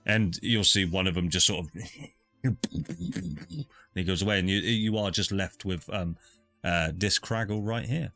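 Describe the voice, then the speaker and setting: Low, slow-talking male game master. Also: sharp tone, no echo, faint music behind. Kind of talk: narrating a tabletop game.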